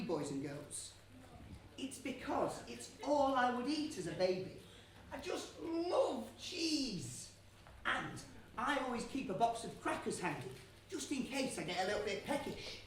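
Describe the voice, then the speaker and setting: A silly, cheese-loving young man, played by a woman, rallies the crowd in a chummy, playful way. The voice is fairly high and bounces around a lot. It is heard from far off in an echoey theatre with noise around it. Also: very animated, unhurried. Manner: chummy, playful, rallying the audience. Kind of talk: stage pantomime, audience participation. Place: theatre stage.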